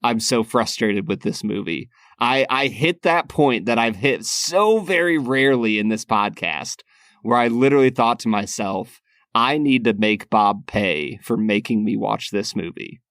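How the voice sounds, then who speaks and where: A man's voice: lowish voice, a little slow, a bit bright, dry recording, clean studio sound. A man co-hosting a podcast in casual chat, teasing his friend with wry humor and frequent laughs. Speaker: podcast co-host.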